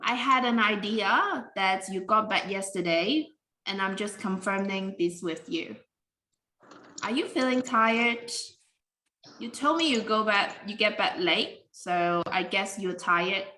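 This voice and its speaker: A woman's voice: mid-range voice, a little slow, bright, forceful tone. A woman teaching an English lesson, explaining patiently in slightly non-standard grammar. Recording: echoey room with faint noise.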